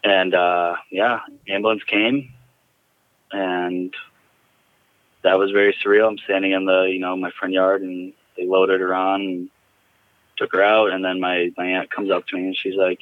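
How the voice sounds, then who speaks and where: A man recounting a personal story in a halting, reflective way, heard over a tinny phone line. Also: low voice, level tone, dry recording. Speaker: guest.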